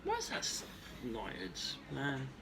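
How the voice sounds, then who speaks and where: A man's voice: medium pitch, huge pitch swings, takes it slowly, creaky, over loud music. A man from East Anglia co-hosting a podcast, rambling through crude, jokey banter. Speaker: podcast co-host. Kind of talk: casual chat. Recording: background noise.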